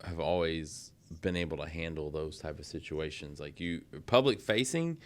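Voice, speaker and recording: A man's voice: a bass voice, expressive, moderate pace. A man hosting a podcast, chatting casually with lots of "like" and "you know.". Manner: conversational, many fillers such as "like" and "you know". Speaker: podcast host.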